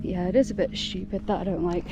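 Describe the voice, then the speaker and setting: A woman's voice: on the low side, fairly even intonation, fast talker, music in the background. A young woman chatting casually to camera as a hiking vlogger outdoors, rambling and laughing often.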